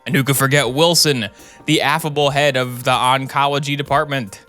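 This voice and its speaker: A man's voice: mid-range voice, fairly even intonation, normal speed, bright, forceful tone, soft background music. A man streaming a game, reading its text aloud with chatty, sarcastic commentary. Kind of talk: casual gameplay commentary.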